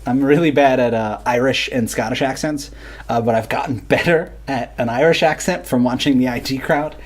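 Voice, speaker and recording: A man's voice: medium pitch, moderate pace. A man with a mid-range voice co-hosts a tabletop game livestream. He reads out viewer comments in a laid-back, joking way, with plenty of ums and uhs. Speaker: co-host of a tabletop game channel. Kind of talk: casual livestream chat.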